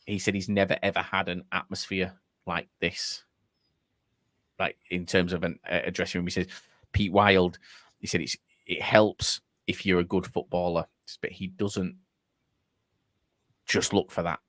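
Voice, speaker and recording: A man's voice: low voice, unhurried, pauses often, no room sound, studio quality. A man co-hosting a football podcast, telling stories in casual chat and acting out the quotes. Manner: animated storyteller, acts out quotes. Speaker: podcast co-host.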